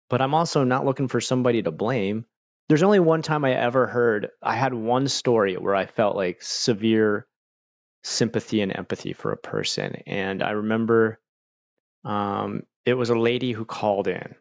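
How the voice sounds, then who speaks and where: Man, low voice, streamer, rambling anecdotes, lots of fillers, dry dull recording. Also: gravelly, no echo. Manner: rambling, loose delivery with many fillers. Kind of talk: casual storytelling on a chill stream.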